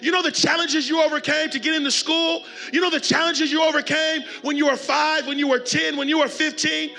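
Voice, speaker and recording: A man delivering a motivational keynote to a conference crowd, preacher-style, with call and response and shouted refrains. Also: very high voice, level tone, brisk, creaky, soft background music. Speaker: keynote speaker. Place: large conference hall with audience.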